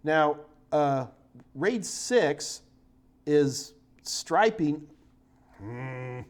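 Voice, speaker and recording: A middle-aged IT certification instructor gives a live-streamed technical lecture, talking through his slides in a casual, joking way. His voice is on the high side and animated, though he speaks extremely slowly.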